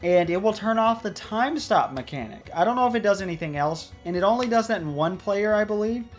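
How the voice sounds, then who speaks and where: A chatty let's play host talking through a puzzle game. The voice rambles casually with a lively, animated pitch. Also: fairly quick, faint music behind. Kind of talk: casual gameplay commentary.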